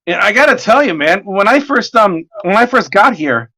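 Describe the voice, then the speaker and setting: Animated, high-voiced rambling man. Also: normal speed. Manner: animated, rambling, profane storyteller. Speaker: artist streaming his work. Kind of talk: casual chat.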